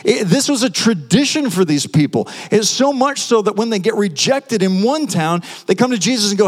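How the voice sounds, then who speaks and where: A male pastor preaching a sermon, animated, asking the audience rhetorical questions. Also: high voice, brisk, few pauses. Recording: long hall reverb.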